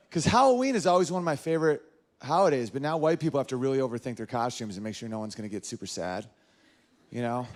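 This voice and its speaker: A man's voice: mid-range voice, a little hiss or hum. A man from northern New York performing a stand-up comedy set on a club stage, telling stories and acting out the voices of the people in them. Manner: animated storytelling, acting out voices in quotes.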